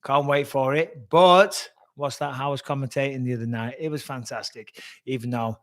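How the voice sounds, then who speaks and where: A man's voice: mid-range voice, steady tone, moderate pace, a bit bright. A man with an English accent hosts a casual livestream Q&A from home, chatting loosely, swearing freely and reading out viewer comments. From England. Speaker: host. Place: room at home, a bit echoey. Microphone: webcam livestream.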